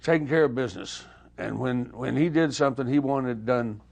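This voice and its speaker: An older man telling anecdotes in a casual interview, lively and acting out the dialogue he remembers. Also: medium pitch, brisk, gravelly. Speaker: interview guest, former touring guitarist.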